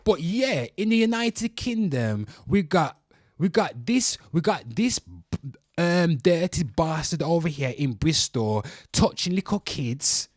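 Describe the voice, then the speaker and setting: A man's voice: fairly high pitch, animated, slow pace, no room sound, studio quality. A young man hosting a reaction commentary show, ranting heatedly and swearing while talking straight to his viewers. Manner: heated, swearing, repeatedly addressing "people".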